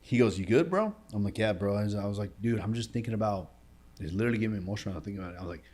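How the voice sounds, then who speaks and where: Low-pitched male entrepreneur guest, casual slangy storyteller, gets quiet and emotional. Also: fairly even intonation, very fast. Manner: casual slangy talk, says bro and dude. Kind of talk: storytelling in a podcast interview.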